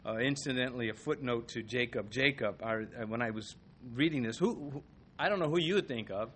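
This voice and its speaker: A man preaching an expository sermon, animated, swinging between soft asides and loud emphasis. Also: mid-range voice, a little fast, husky. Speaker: pastor.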